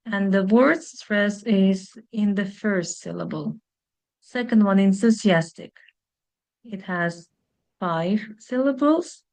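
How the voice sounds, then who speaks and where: Woman, English teacher for a video lesson, unhurried, mid-pitched, explains step by step with fillers. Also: a little mellow. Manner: slow, careful explaining with "um" and "like".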